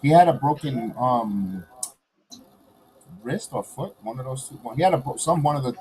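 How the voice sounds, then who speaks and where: A man with a New York accent hosting a casual baseball watch-along, calling pitches in a relaxed way and chuckling between them. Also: normal speed, slight background noise, low-quality recording. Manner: laid-back, chuckling between pitch calls. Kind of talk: casual play-by-play commentary.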